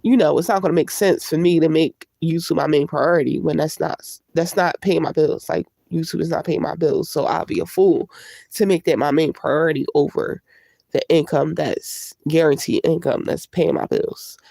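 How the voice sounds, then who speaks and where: A woman's voice: sits low, fairly even intonation, normal speed, dark tone, no room sound. A woman vlogger chatting candidly on a livestream, congested from a cold. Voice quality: gravelly. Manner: candid, chatty, greets live viewers. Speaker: YouTube vlogger. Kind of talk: casual live-stream chat.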